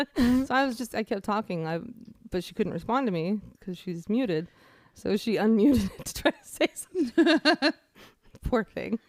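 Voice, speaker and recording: A woman's voice: fairly high pitch, expressive, measured pace, no room sound, studio quality. A young woman co-hosting a podcast in casual chat, laughing often and swearing freely. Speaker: podcast co-host.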